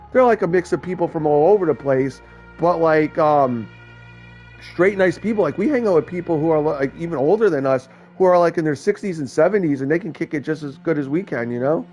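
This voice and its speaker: A man's voice: fairly high pitch, darkish tone. A man from New York chatting casually, rambling through profane stories. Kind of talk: casual chat.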